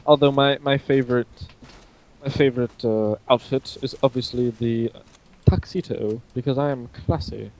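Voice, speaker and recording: A man with a hoarse throat co-hosting a casual chat between friends, joking, teasing and rambling. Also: medium pitch, steady tone, normal speed, a little mellow, poor audio. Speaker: podcast co-host.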